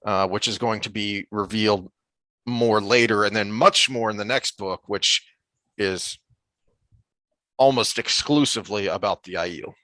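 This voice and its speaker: Bright-voiced man discussing a book. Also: lowish voice, a little slow, dry recording. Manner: thoughtful, with frequent fillers and restarts; reads passages from the book aloud. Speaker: podcast co-host.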